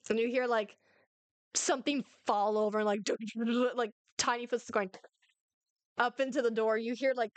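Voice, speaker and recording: A woman's voice: on the high side, steady tone, moderate pace, clear, resonant tone, dry recording. A woman running a tabletop game over a video call, narrating in a giggly, rambling way. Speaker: game master.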